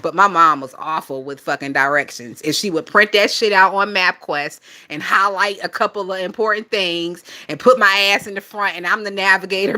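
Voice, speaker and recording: A woman's voice: medium pitch, moderate pace, few pauses, bright, forceful tone. A woman in her twenties with a Southern US accent, chatting casually on a phone livestream, swearing and laughing often as she gossips. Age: 20s.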